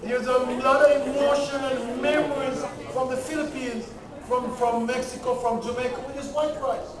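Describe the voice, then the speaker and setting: High-voiced man lecturing in an echoey hall. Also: little pitch movement, normal speed, far from the mic, a crowd in the background. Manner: emphatic, repeats key points, asks the audience to follow. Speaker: health lecturer. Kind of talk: church health lecture.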